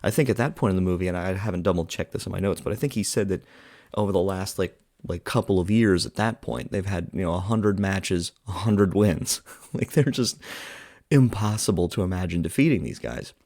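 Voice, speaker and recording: A man with a low, deep voice talks through a film review in a loose, chatty way. He leans on filler words and slips into quoted lines as he retells scenes. The recording is close and dry, with no room sound. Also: brisk, a little mellow, no echo. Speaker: podcast host reviewing a film. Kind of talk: casual film review monologue.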